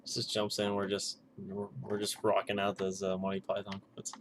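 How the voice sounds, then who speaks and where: A young man chatting casually with a friend, relaxed and laughing easily, often trailing off quietly. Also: moderate pace. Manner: laid-back, trails off into low mumbles. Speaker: host. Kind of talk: casual chat.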